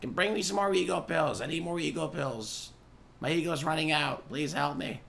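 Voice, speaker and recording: A man's voice: fairly high pitch, normal speed, vocal fry, fairly bright tone, voice pushed up. A man doing an exaggerated impression of a boastful older male politician, whiny and pleading.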